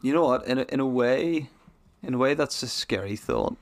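A man's voice: mid-range voice, moderate pace, gravelly. A young man hosting a podcast in casual chat, with an ordinary mid-range voice. He rambles loosely and keeps restarting his sentences, tripping over himself as he goes. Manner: rambling, restarts a lot, chatty. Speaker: podcast host.

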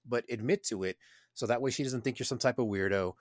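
A man co-hosting a casual podcast, giving relaxed, straightforward dating advice. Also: medium pitch, fast talker, dry recording, studio quality. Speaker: podcast co-host.

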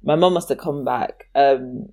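With an extremely low pitch and a measured pace, a woman tells a childhood story in casual conversation. She brings it to life by imitating the people in it and frequently bursts out laughing, her delivery lively and expressive.

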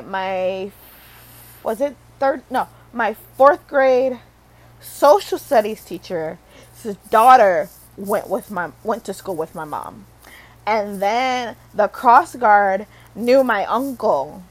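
Young woman from michigan just rambling to camera, slow and easygoing, lots of likes and restarts. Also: a little high, rough recording. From Michigan, USA. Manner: rambling, lots of fillers and self-corrections, swears casually; laughs at herself often. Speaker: vlogger. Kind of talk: casual talking to camera.

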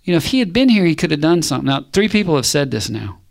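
Firing rhetorical questions and calls back to his congregation, this preacher delivers an animated, punchy sermon. He talks very fast in a gravelly, slightly high voice.

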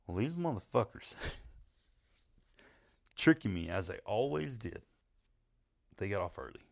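Brief: low, gravelly guy, casual and foul-mouthed, spinning a long yarn. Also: big pitch swings, unhurried, long pauses. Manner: rambling, swearing, laughing at his own story. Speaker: storyteller. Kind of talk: profane casual storytelling.

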